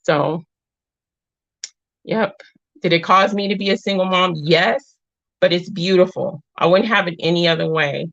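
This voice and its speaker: Pausing often, a thirtysomething live-stream host speaks to her viewers in a lowish, gravelly, unhurried voice. She's earnest, warm and emotional, nearly tearful, and her heartfelt chat strays from the topic before circling back. The sound is dry, dull and lo-fi, with no echo.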